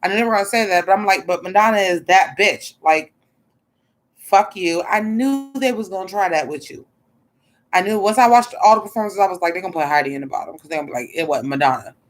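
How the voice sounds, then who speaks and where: A woman's voice: medium pitch, fast. A woman giving blunt, casual livestream commentary on a drag show, talking expressively, swearing freely and answering her chat as she goes.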